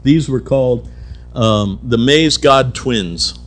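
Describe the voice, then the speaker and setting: A man's voice: mid-range voice, slow pace, soft background music. A man giving a keynote at a conference, telling mystical stories and acting out the characters in them. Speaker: keynote speaker. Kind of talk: spiritual storytelling lecture. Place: conference hall.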